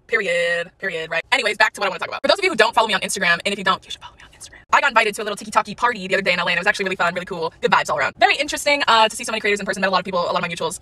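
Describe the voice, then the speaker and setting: A woman's voice: on the high side, sharp tone, dry recording. A woman content creator delivering a brash, sassy, profane comedic rant to camera, laughing often.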